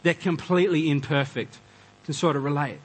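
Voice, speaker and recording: A man delivers a lively, conversational sermon. His voice sits a little high for a man and has a husky edge. He swings between punchy build-ups and quieter asides. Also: brisk, rough recording. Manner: animated, conversational preaching with quoted voices. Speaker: pastor.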